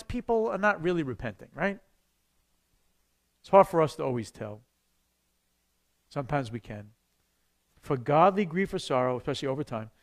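Male pastor, slightly higher voice, chatty and animated, teaching a class and acting out quotes. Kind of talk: teaching a church evangelism class.

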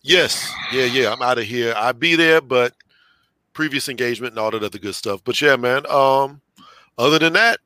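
A man on a casual podcast, laid-back and relaxed as he signs off. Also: mid-range voice, moderate pace, dry recording. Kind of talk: casual chat among friends.

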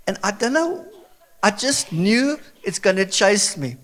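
A South African man in his fifties, an Afrikaans speaker, preaching a sermon with animated, comic storytelling. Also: high-pitched, a little slow. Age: 50s. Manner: animated, comic storytelling with sudden bursts of excitement. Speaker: pastor.

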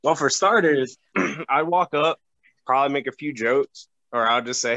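A young man chatting on a podcast as a guest, halting and full of fillers and restarts. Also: fairly high pitch, sharp tone, dry recording, dull audio. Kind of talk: casual podcast chat.

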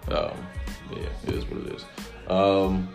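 A man's voice: low voice, normal speed, vocal fry, music in the background. A man co-hosting a casual chat, telling joking stories and swearing freely. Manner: profane, joking, animated storyteller. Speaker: podcast co-host.

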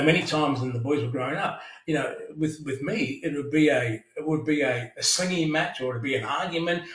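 Middle-aged aussie preacher guy, earnest, trips over his words a lot, bit high voice, echoey church from off mic. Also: a bit bright. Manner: earnest, frequent stammered restarts. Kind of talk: sermon. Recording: echoey room, mic at a distance.

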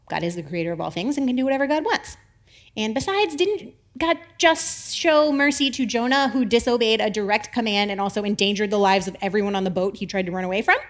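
A woman giving a casual, animated sermon, acting out the biblical figures. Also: fairly high pitch. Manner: chatty, animated, acts out voices of biblical figures with laughs. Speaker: preacher.

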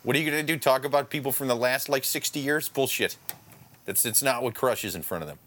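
A man's voice: medium pitch, brisk, a bit bright. A man co-hosting a comedy podcast from home, bantering casually with crude, profane jokes. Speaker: podcast co-host and stand-up comedian.

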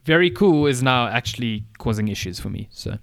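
A man's voice: medium pitch, expressive, a little fast, gravelly, a bit bright, no echo, clean studio sound. Laid-back man co-hosting a podcast. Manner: laid-back, swears casually, trails off. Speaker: podcast co-host. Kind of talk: casual chat.

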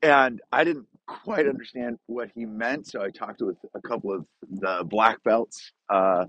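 Middle-aged male podcast host with a cold, low, dry close sound, upbeat and chatty, talking on a walk. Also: steady tone, unhurried, fairly bright tone, no echo, dull audio. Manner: upbeat, chatty, frequent filler words. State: coming down with a cold. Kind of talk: casual solo podcast monologue. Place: outdoors on a snowy walk.

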